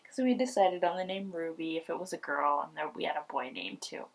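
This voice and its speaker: A woman vlogger telling a personal story in a candid, chatty way, acting out quoted lines with big jumps in pitch. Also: brisk, far from the mic. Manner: candid and chatty, addresses viewers directly. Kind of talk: casual storytelling.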